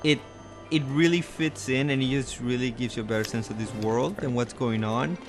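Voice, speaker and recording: A man's voice: medium pitch, moderate pace, soft background music. A man co-hosting a casual podcast, thinking aloud in a hesitant, musing way. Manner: thoughtful, hesitant, many restarts and fillers. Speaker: podcast co-host. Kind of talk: casual chat.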